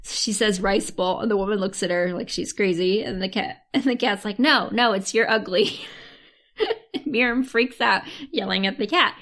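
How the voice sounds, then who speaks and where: A young adult woman co-hosting a podcast, recapping a drama in casual chat, animated and laughing often as she acts out quotes. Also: mid-range voice, normal speed. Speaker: podcast co-host.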